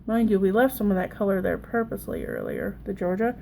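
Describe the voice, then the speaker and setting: A woman's voice: mid-range voice, huge pitch swings, fast talker, vocal fry, a little mellow, a little hiss or hum, low-quality recording. A woman in her thirties with a Southern accent, chatting and rambling through a casual makeup tutorial. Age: 30s. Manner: chatty, rambling, self-deprecating. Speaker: makeup vlogger.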